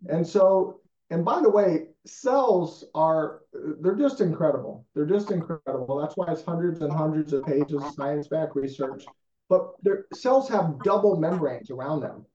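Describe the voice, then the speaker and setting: A man, a guest, telling stories in conversation in an emphatic, animated way. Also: fairly high pitch, normal speed. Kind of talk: enthusiastic storytelling in conversation. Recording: echoey, dull lo-fi sound.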